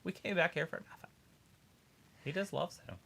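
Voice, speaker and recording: A man co-hosting a casual watch-along stream, reacting with jokes and sudden excited outbursts. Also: fairly high pitch, normal speed, vocal fry, slightly rough. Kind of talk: casual chat, live reactions.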